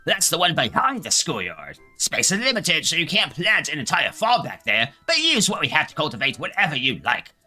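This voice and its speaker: A man's voice: fairly high pitch, wildly swooping pitch, normal speed, few pauses, pushed and bright, faint music behind, heavily acted. A man reading game dialogue aloud as a cheerful, earnest male village schoolteacher who talks formally and gushes with thanks. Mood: pleased. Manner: polite, formal, gushing.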